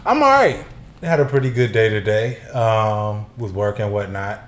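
A man co-hosting a casual podcast, laid-back and quick to laugh. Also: on the low side, animated. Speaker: podcast co-host. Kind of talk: casual chat.

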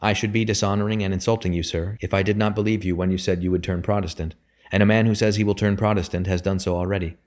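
A man's voice: low voice, fairly even intonation, fast talker, darkish tone, lightly acted. A man voicing a dutiful young son who speaks formally and respectfully yet holds firm. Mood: earnest. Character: earnest dutiful young son, humble but steadfast.

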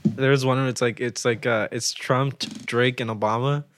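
A man's voice: mid-range voice, fairly even intonation, normal speed. Rambling young man telling stories. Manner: rambling storyteller, laughs often, swears casually. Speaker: friend in a casual group chat. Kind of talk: casual chat.

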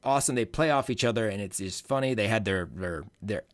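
A man's voice: on the low side, expressive, brisk. A man co-hosting a podcast, chatting casually and rambling about college gymnastics. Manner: rambling, lots of fillers and restarts. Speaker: podcast co-host.

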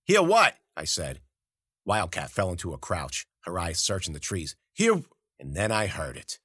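A man's voice: low-pitched, normal speed, fairly bright tone, breathy edge. A man narrating a first-person story in a gritty, slangy, profane voice. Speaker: audiobook narrator.

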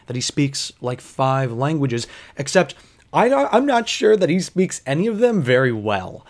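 Profane, animated young man telling a story. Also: medium pitch. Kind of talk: casual storytelling.

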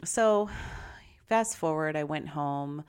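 A woman's voice: deep voice, slow, clean tone. A middle-aged woman candidly telling a personal story in a bubbly, confiding way. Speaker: vlogger.

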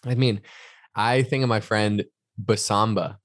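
A man's voice: on the low side, steady tone, unhurried, a bit bright, no room sound, studio quality. A man co-hosting a podcast, talking casually and earnestly in a reflective, motivational way. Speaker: podcast co-host. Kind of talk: casual chat.

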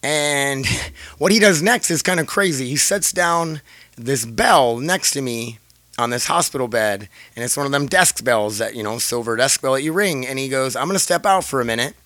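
Man, casual storytelling to viewers, profane, laughs a lot, bright tone, dry close sound. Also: mid-range voice, animated, normal speed, no echo. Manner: rambling, profane, laughs often. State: scratchy throat.

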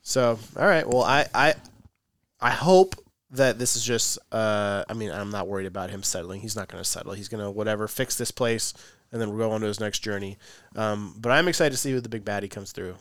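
A man hosting a podcast in casual chat, relaxed and steering the talk. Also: on the low side, fairly quick, dry recording. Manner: relaxed, wraps up the show. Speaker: podcast host.

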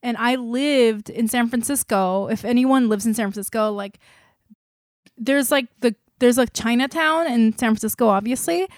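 Woman in her 20s, higher voice, chatty and laughing as she tells a story, dry close mic. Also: moderate pace, no echo. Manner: animated, lots of fillers, laughs through her story. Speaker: podcast host. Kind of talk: casual storytelling chat.

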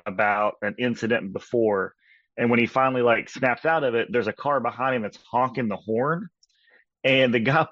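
A man co-hosting a relaxed horror-movie podcast, rambling through plot recaps full of "like" and restarts. His mid-range voice comes through dull and slightly lo-fi. The sound is dry and close. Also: mid-range voice, no room sound. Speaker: podcast co-host. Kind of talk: casual film-review chat.

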